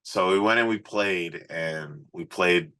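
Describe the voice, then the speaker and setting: A man, a rock musician guest, telling road stories in a casual, swearing, animated way on a podcast. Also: sits low, slow pace. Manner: profane, animated storyteller. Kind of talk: casual storytelling interview.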